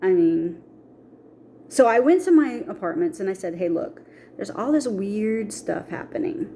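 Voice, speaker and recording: A middle-aged woman recounts her own story to the camera, slipping into the voices of the people she quotes. Her voice is mellow and warm. A faint noise runs under the recording. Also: mid-range voice, a little slow. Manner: animated, acts out quoted voices. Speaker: vlogger. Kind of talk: personal storytelling.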